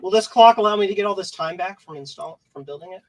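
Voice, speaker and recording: A man's voice: sits high, quick pace. A man hosting a casual livestream, assembling a clock kit and joking at his own expense while talking through each step. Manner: self-deprecating, muttering steps aloud while working with his hands. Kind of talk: casual group livestream chat. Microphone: video call. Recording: noisy call audio.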